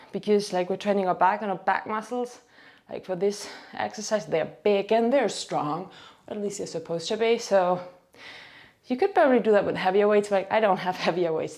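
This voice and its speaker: A woman with as her leads a home dumbbell workout, a bit out of breath, chatty and self-deprecating, counting reps aloud. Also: medium pitch. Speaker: fitness instructor. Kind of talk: casual workout instruction.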